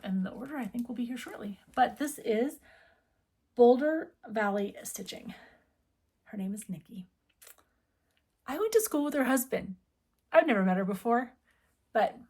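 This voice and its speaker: Chatty, rambling woman with a fairly high voice. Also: unhurried, gravelly, pauses often, darkish tone, husky. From United States. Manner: chatty, rambling, self-interrupting. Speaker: needlework shop owner. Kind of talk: casual chat.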